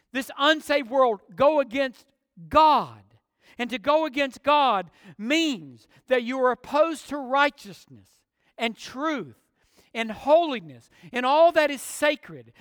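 A man delivers a sermon with an emphatic preaching manner. His voice sits very high for a man. The recording is dry up close but carries a long hall reverb behind it. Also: fairly bright tone. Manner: emphatic preaching with rhetorical questions. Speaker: pastor.

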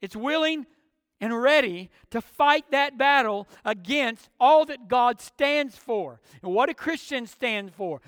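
A man's voice: extremely high pitch, a bit bright, clear, resonant tone, no room sound, clean studio sound, big-room sound. A man preaching a sermon as pastor, emphatic and full of rhetorical questions.

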